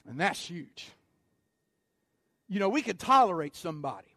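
A man preaching from the pulpit with a strikingly high-pitched voice. He gets wound up and excitable, swelling into shouts at his peaks. The sound is close and dry, with no room echo. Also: unhurried, gravelly, long pauses. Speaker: pastor. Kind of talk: sermon.

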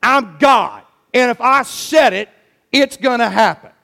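A man's voice: very high-pitched, measured pace, vocal fry, sharp tone, exaggerated voice. A man acting out an exasperated Jesus scolding his frightened disciples bluntly.

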